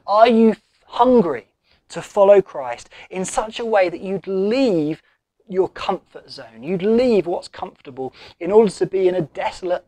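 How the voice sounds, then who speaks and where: Earnest English preacher, dry sound. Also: male voice, high-pitched, no echo. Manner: earnest, questioning delivery that swells and drops to a near whisper. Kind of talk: sermon. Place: church.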